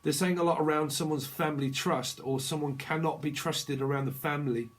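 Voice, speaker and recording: Guy rambling through a tarot reading, slangy and sweary, slightly high voice. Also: steady tone, fairly quick. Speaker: tarot reader. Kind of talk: channeled tarot reading monologue.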